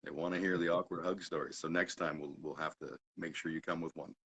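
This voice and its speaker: Male host, casual storyteller, bright lowish voice, animated delivery, jumps loud to hushed. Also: fast, husky, lo-fi sound. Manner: animated, swings loud and quiet, laughs often. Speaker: podcast host.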